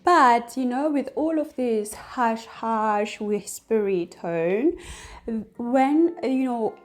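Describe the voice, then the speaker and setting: A woman's voice: on the high side, lively intonation, slow. A woman hosting an astrology talk, explaining in a casual, chatty way with many fillers. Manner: chatty, many fillers, acts out whispered and shouted examples. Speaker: astrology channel host.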